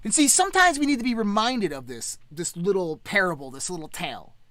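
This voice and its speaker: A woman's voice: medium pitch, very animated, a little fast, a bit bright, no echo. A woman hosting a podcast, ranting in an impassioned, preachy way and swearing freely. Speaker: podcast host. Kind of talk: impassioned casual rant.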